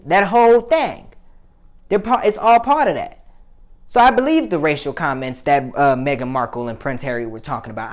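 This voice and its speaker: A young adult woman hosts a casual opinion commentary. Her voice sits a little low, and she talks bluntly and heatedly, swearing freely and leaning on fillers. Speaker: commentary show host.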